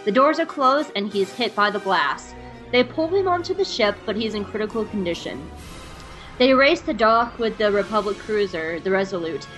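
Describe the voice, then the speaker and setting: A young woman co-hosting a podcast, recapping an episode in a quick, excited way and laughing often. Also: medium pitch. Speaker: podcast co-host. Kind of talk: casual chat and episode recap.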